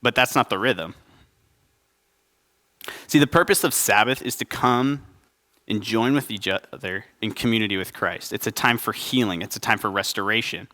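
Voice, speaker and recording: A man's voice: on the low side, normal speed, bright, forceful tone, long reverb tail. A young adult man preaching a conversational sermon at a church service, joking and asking the congregation questions. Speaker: pastor.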